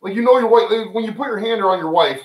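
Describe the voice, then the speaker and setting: A man's voice: high-pitched, quick pace. A man hosting a casual home livestream, talking loosely and joking with plenty of swearing. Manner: loose, profane, joking, off-the-cuff. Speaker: livestream show host. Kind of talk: casual rambling chat. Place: home room with friends. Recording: roomy, mic at a distance.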